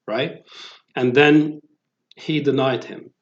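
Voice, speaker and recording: A man's voice: fairly high pitch, a little slow. A man giving a sermon, talking in a conversational way with many fillers and restarts. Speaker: preacher. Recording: roomy, dull lo-fi sound.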